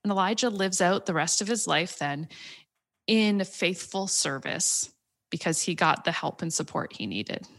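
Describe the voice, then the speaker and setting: A woman co-hosting a casual Bible study discussion, talking in an earnest, reflective way and slowing down to stress her points. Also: lowish voice, expressive, gravelly, a bit bright. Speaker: podcast co-host.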